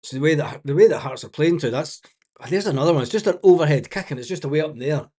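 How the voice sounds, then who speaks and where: A man's voice: a little high, animated, fast, warm tone. A man giving blunt, exasperated live match commentary as a watch-along host, swearing freely and laughing often.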